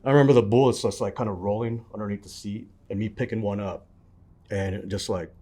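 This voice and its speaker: A man recounting a childhood memory in an interview, animated and acting out other people's words in sudden bursts. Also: lowish voice, a little fast. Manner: animated storyteller, acts out others' lines with sudden loud bursts. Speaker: interview guest.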